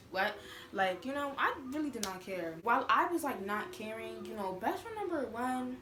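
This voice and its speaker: Young woman spilling a story, high voice, sassy, roomy echo and noise in back. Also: moderate pace. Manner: animated, sassy, lots of fillers. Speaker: vlogger. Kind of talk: casual storytime. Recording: echoey room with noise.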